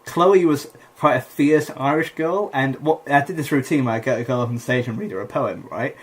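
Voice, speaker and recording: A man's voice: mid-range voice, fairly quick. A young man, a comedian and podcast co-host, telling a rambling story with lots of fillers and laughter in casual chat.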